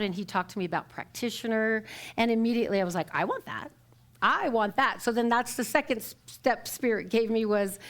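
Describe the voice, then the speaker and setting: A middle-aged woman minister giving a live storytelling sermon in church, acting out quoted voices and laughing as she goes. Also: mid-range voice.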